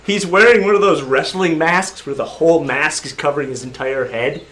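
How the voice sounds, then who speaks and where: A man narrating a tabletop game as game master, animated and laughing, breaking into loud crowd voices. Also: on the high side, normal speed, a little hiss or hum.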